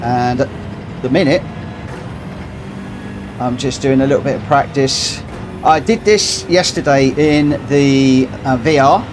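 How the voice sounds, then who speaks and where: A man's voice: mid-range voice, noisy background. Chatty man streaming a race. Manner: chatty, rambling, thinks aloud while adjusting settings. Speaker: streamer hosting a racing lobby. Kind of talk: casual live-stream chat while gaming.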